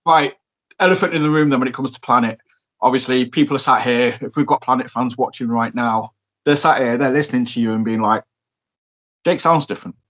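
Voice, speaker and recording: A friendly, enthusiastic male host interviews a guest on a podcast. His voice is of middle pitch, and the audio sounds slightly dull. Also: quick pace, a bit bright.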